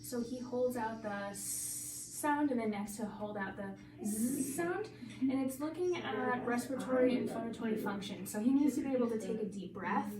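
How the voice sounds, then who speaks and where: A woman working as a speech-language clinician who gives clear, encouraging instructions and explains the tests. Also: fairly high pitch, moderate pace, background noise. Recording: roomy audio from a distant mic.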